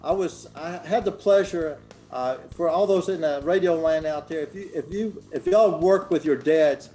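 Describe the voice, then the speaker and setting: A man's voice: fairly high pitch, normal speed, warm tone, soft background music. An older man telling stories as an interview guest, chatty and folksy with many fillers and restarts. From Memphis, Tennessee. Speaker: guest clothier. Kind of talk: casual storytelling interview.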